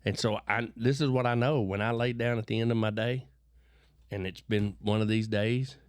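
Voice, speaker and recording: A man's voice: on the low side, steady tone, normal speed, smooth, no echo. Folksy West Texas cowboy drawl, man. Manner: folksy, repeats and restarts words, preachy bursts. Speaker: interview guest. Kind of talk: rambling conversational storytelling.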